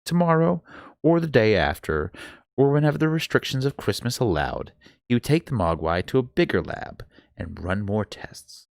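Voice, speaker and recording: A man's voice: mid-range voice, very animated, normal speed, creaky, no room sound, clean studio sound. A man reading a novel aloud live, telling it expressively with an occasional stumble. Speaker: book reader.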